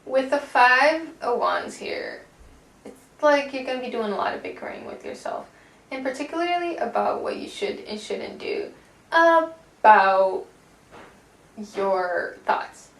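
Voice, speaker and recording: A woman's voice: high voice, expressive, measured pace. A woman giving a casual pick-a-card tarot reading, chatty and slangy, swearing and calling the listener baby. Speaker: tarot reader. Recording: echoey room, distant mic, faint noise.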